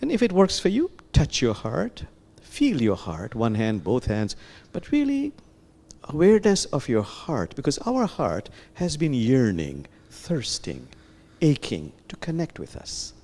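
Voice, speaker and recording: A man leading a slow, soft, prayerful guided heart meditation during a worship service, pausing often. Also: mid-range voice, wildly swooping pitch. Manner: slow, soft, prayerful guidance with long pauses.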